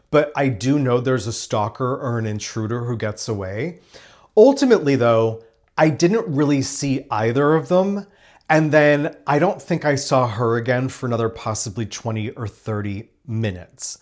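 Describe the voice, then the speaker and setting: A man hosting a casual spoiler review of a crime drama, talking in a chatty, enthusiastic way with rambling asides. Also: mid-range voice. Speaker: TV review host.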